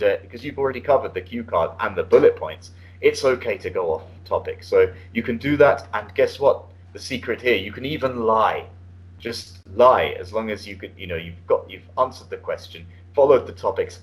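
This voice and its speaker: A man giving spoken feedback as an IELTS speaking examiner over an online call, relaxed and coaching, with many fillers and restarts. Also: lowish voice, poor audio. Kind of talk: spoken feedback on a mock test. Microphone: online video call.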